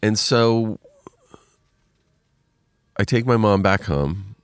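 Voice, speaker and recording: Deep, clear-voiced man; casual, filler-heavy storyteller, dry close sound. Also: very slow, no room sound. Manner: rambling, filler-heavy retelling with many "like"s.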